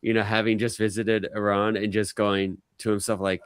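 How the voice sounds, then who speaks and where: A man's voice: lowish voice, moderate pace, clean tone, no room sound. A man co-hosting a podcast who tells stories in loose, profane chat. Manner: profane, animated storytelling. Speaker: podcast co-host. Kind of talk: casual chat.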